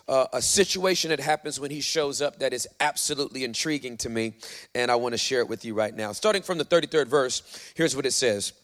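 A man's voice: medium pitch, fairly bright tone. A man preaching a sermon as pastor, emphatic and urging the audience, often repeating himself. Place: church hall. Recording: echoey hall.

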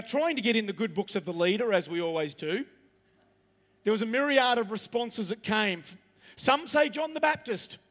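A man's voice: very high-pitched, a bit bright. A man preaching a chatty, humorous sermon and asking his listeners questions. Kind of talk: conversational sermon. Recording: long reverb of a large hall.

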